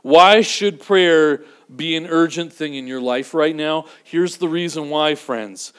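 A man preaching a sermon, earnest and building to emphatic peaks before dropping to a low, quiet delivery. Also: takes it slowly, clear, resonant tone. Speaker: pastor.

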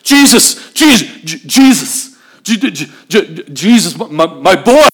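A man's voice: sits high, very animated, unhurried, husky, pitched above the performer's own voice, full character voice. A man voicing a middle-aged Roman centurion who stammers and repeats himself in a panic. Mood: panicked. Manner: stammering, frantic repetition.

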